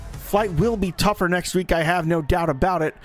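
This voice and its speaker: A man's voice: sits high, fairly even intonation, moderate pace, faint music behind. A man giving live play-by-play commentary on a simulated football game in a folksy, joking manner that talks straight to the audience.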